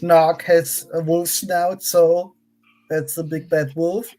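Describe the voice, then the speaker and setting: A livestream panelist in casual chat, halting and full of fillers. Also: mid-range voice, level tone, mellow, faint music behind, poor audio.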